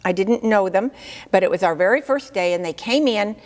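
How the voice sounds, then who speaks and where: A woman teaching on prayer in a church, telling a story in a lively way and acting out the voices of the people in it. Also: medium pitch, brisk, in a large hall. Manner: lively, acts out quoted voices. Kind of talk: sermon storytelling.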